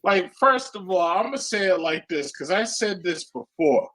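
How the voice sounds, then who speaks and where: A man's voice: high-pitched, expressive, moderate pace, fairly bright tone. Blunt, profane man reacting on stream. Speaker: stream host. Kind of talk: casual reaction commentary.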